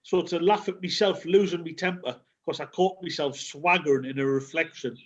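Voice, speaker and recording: A man's voice: fairly high pitch, normal speed, lo-fi sound. A man telling a personal story in a casual group share, candid and sweary. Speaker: community group member.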